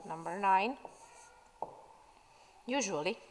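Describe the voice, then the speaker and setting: A woman's voice: mid-range voice, animated, slow pace, long reverb tail, a little hiss or hum, poor audio. A woman teacher recording a spelling lesson for pupils at home, dictating words patiently from her classroom. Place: classroom at school.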